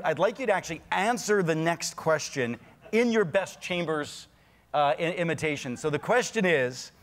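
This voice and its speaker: Slightly high, hesitant male interviewer. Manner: hesitant, halting questions. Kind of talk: casual interview.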